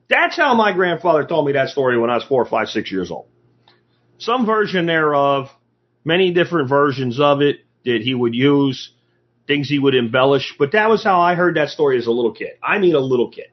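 A man's voice: mid-range voice, animated, brisk. Folksy, blunt man telling a story. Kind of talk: casual storytelling. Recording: dull lo-fi recording.

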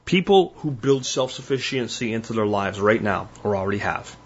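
An older man hosting a solo podcast, talking bluntly and emphatically in warning tones, with a husky voice. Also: fairly low pitch, expressive, moderate pace, dull audio. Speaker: podcast host.

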